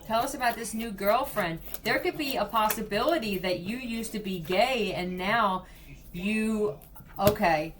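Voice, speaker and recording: Woman, psychic reader, slow unhurried pace, blunt, swears a lot, casual direct address. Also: medium pitch, background noise. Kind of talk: casual spoken psychic reading.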